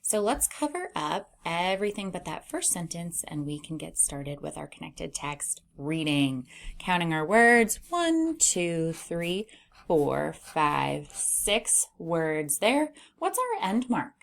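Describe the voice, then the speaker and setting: Slow, sing-song woman teaching reading. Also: lowish voice, sing-song, creaky. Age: adult. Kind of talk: early reading lesson.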